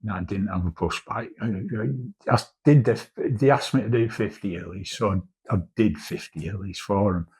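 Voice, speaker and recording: A man's voice: lowish voice, moderate pace, darkish tone, slightly rough. A man in his fifties, a commercial artist, chatting casually and rambling through a vlog, swearing now and then. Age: 50s.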